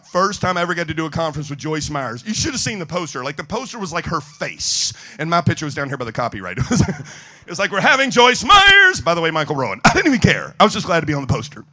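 A man preaching a sermon, telling funny stories in an animated, joking way. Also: on the high side. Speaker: evangelist. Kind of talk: sermon storytelling.

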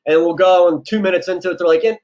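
Chatty man, slightly high voice. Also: steady tone, fast, darkish tone, rough recording. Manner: loose, chatty, lots of likes and you-knows. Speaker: casting director. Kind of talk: casual interview advice.

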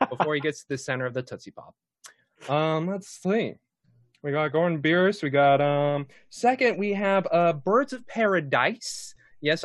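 A man's voice: on the high side, no room sound, studio quality. A man hosting a tabletop game stream as dungeon master, reading sponsor announcements in a jokey, rambling way. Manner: jokey, punning, rambling with fillers.

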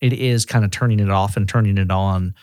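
Low-voiced man giving relaxed leadership advice. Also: fairly quick, no echo, studio quality. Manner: relaxed and conversational, often acting out quoted voices. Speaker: regional director of auto repair shops, podcast guest. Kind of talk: casual podcast conversation.

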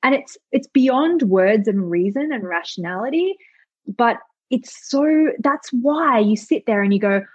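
A woman's voice: fairly high pitch, lively intonation, unhurried, a little mellow, slightly rough, no echo, lo-fi sound. A woman coach as a podcast guest, talking candidly and animatedly, swearing casually and acting out what other people say. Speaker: guest, money mindset coach. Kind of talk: candid conversational interview.

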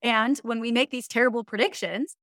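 A woman's voice: on the high side, brisk, a bit bright, dry recording, clean studio sound. A woman in her thirties, a mindset coach, talking in an upbeat, encouraging way as a guest in a casual interview. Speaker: mindset coach and social media influencer; podcast guest.

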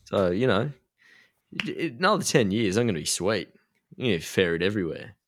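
A man chatting on a podcast, cracking deadpan jokes and chuckling. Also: lowish voice, a little fast. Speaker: podcast co-host. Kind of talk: casual podcast banter.

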